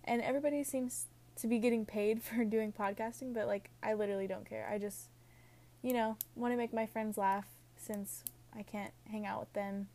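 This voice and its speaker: A woman's voice: a little high, fairly even intonation, moderate pace, dark tone. Rambling Valley-girl-sounding young woman. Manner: Valley-girl-like, says "like" and "literally" constantly; laughs at her own jokes. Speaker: podcast host. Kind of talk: casual rambling podcast monologue.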